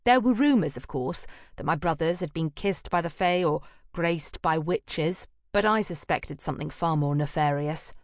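Low-voiced woman narrating a fantasy audiobook. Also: normal speed, no room sound, clean studio sound.

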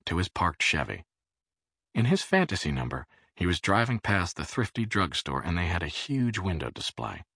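Audiobook narrator, man, very low gravelly voice, dry close sound. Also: no echo. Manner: measured, expressive reading.

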